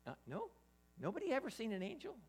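A preacher giving an interactive Bible sermon, animated, often stammering and restarting while putting questions to the listeners. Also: mid-range voice, fast talker, husky. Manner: animated, quizzes the audience.

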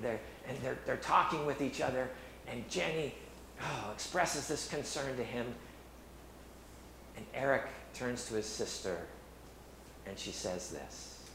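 A middle-aged man preaching with earnest conviction, stumbling and restarting as he goes. His voice sits a little high for a man. The room is echoey, with faint ambience behind him. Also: a bit bright, slight background noise. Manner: earnest, halting with many restarts. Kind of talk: sermon.

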